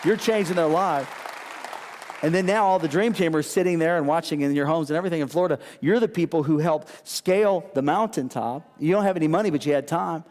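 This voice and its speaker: Male pastor, high voice, animated preaching, call-and-response, long hall reverb. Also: a little fast, some chatter behind. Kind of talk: sermon.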